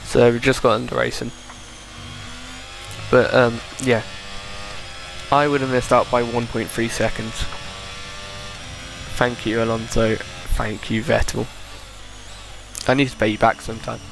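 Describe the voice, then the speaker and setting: Gamer dude talking over his race replay, bit of vocal fry, casual and rambly. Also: mid-range voice, little pitch movement, background noise. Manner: chatty, thinking aloud, quick self-corrections. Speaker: gaming video creator. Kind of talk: casual game replay commentary.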